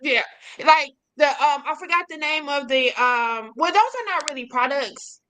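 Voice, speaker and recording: High-voiced earnest woman guest. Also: animated, normal speed, bright, forceful tone, slight background noise. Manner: earnest, rambling, full of fillers. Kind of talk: casual interview chat.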